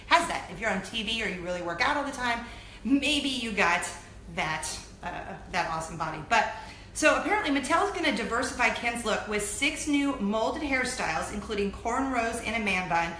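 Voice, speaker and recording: Bright chatty woman in an echoey room. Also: on the high side, normal speed. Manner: chatty, animated, self-deprecating. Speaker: host of a weekly web show. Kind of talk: casual chat to camera. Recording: echoey room with faint noise.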